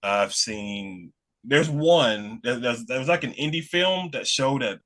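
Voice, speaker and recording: Here the same kind of Alabama podcast guest talks in a relaxed, unhurried way, his medium-pitched voice bright and forward with lively intonation. His Southern accent comes through as he wanders, starts over, and chuckles between ideas.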